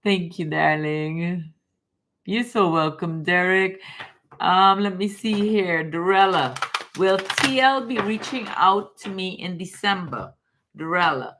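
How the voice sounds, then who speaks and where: Woman tarot reader on a live stream, from Guyana, lower voice, calls everyone darling. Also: slow pace, very noisy. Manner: warm, affectionate, calls viewers baby and darling. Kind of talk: casual live tarot reading.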